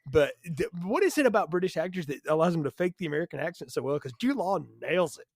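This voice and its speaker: A man with a fairly high voice hosts a film review podcast, talking casually and drifting into tangents. The sound is dry and close, with no room echo. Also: lively intonation, fast talker. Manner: rambling, wanders into side points. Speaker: podcast co-host.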